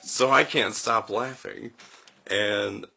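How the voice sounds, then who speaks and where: A young man hosting a podcast, telling a story in a casual, animated way, acting out quotes with jumps in his voice and laughing often. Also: lowish voice, slow pace, creaky. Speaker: podcast host.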